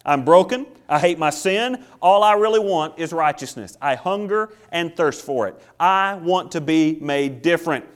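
A man's voice: on the high side, lively intonation, normal speed, hardly any pauses, clear, resonant tone. A male pastor preaching a sermon with an emphatic, repetitive cadence.

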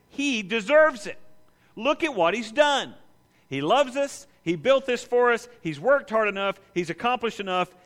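A bright, forceful male voice preaching a sermon with vivid emphasis, often acting out the people in his passages. His words ring out with a long reverb, as in a large hall. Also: a little high. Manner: preaching with emphatic rises and dramatic quoted voices. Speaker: pastor.

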